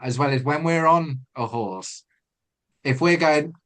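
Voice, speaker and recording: A man's voice: on the high side, measured pace, fairly bright tone. A man co-hosting a webinar, giving riding advice over a video call and thinking aloud with many restarts. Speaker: retraining coach and webinar co-host. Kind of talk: casual instructional chat.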